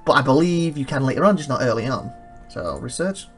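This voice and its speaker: A man commenting on his own strategy game, thinking aloud and rambling fast with a dry throat he keeps clearing. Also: mid-range voice, animated, music in the background. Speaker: let's play host. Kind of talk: gameplay commentary.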